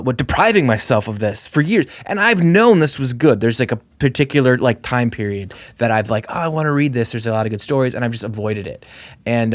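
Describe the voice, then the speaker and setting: A man in his thirties co-hosting a podcast, talking in a loose, animated, rambling way with lots of fillers. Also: medium pitch, dry recording, clean studio sound. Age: 30s. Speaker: podcast co-host. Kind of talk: casual chat.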